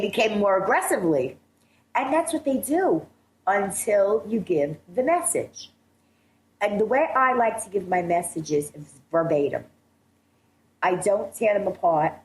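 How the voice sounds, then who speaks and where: A woman's voice: medium pitch, a little mellow. A woman hosting a psychic radio show, talking in an earnest, emphatic way and laughing often. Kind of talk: radio talk show chat. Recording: echoey studio with faint hiss.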